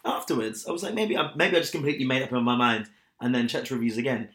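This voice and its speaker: Young male co-host, blunt and scornful, bright tense tone, roomy echo. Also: medium pitch, fast talker. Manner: blunt, mocking, animated retelling. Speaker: podcast co-host. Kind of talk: casual chat. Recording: echoey room.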